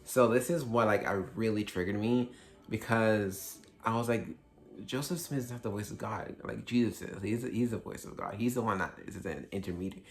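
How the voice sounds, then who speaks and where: Male book vlogger, slightly low voice, loose chatty delivery with constant fillers and self-corrections. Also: normal speed. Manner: rambling, heavy use of "like", frequent restarts. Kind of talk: casual book review vlog.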